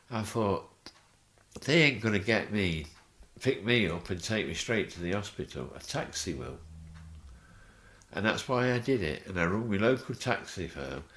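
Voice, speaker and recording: An older man, a guest telling an animated story and acting out the voices in it. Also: low-pitched, measured pace. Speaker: interview guest. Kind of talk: anecdotal storytelling.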